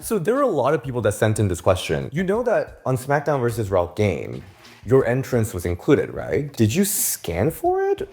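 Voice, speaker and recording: A woman host with a strikingly low voice for a woman, yet lively and swooping in pitch. She asks her guest questions and keeps up quick short reactions in a casual chat. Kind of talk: casual interview.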